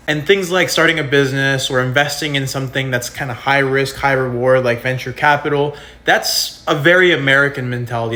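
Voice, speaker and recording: A man's voice: medium pitch, bright, forceful tone. A man talking casually to camera, emphatic and enthusiastic, swearing freely.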